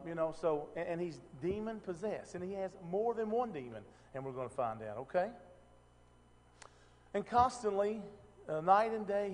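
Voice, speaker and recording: A man's voice: high-pitched, long reverb tail, slight background noise. A man teaching a Bible passage in a casual, conversational way, often asking the room questions and restarting his sentences. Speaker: preacher.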